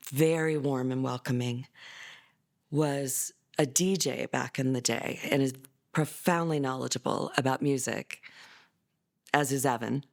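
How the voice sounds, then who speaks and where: In a documentary interview, a middle-aged mother recounts her son's story conversationally, with fillers and false starts. Whenever she quotes what other people said, her voice turns livelier and higher.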